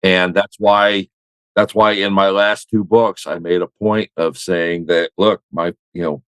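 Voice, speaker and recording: An older man with a fairly low voice tells a meandering war story, doubling back on his words with dry humor. His voice sounds close and dry, with no room around it. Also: steady tone, a little slow, a bit bright, smooth, no room sound, rough recording. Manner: rambling, self-correcting, wry. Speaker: military veteran guest. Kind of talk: conversational storytelling.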